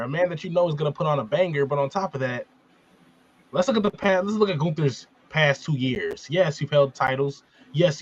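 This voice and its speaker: A man's voice: on the high side, muffled recording, slight background noise. A man hosting a casual wrestling podcast, talking emphatically and ranting with rising volume. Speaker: podcast host.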